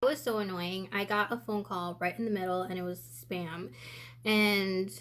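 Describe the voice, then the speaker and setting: A woman's voice: mid-range voice, steady tone, moderate pace, a bit bright. A woman giving a casual makeup tutorial, chatting and thinking aloud as she works, a little out of breath. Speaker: beauty vlogger. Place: indoor room with sunlight coming in.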